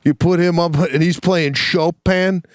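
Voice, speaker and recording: A man's voice: a little high, steady tone, a little slow, dry recording, studio quality. A middle-aged man co-hosting a podcast, telling stories animatedly with emphatic rhetorical questions. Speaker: podcast co-host. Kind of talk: casual comedic chat.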